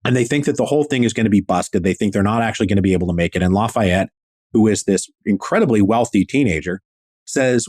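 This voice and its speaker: A man's voice: lowish voice, quick pace, darkish tone, no echo. A man guest historian telling a story in a casual, enthusiastic, slangy way, acting out quotes.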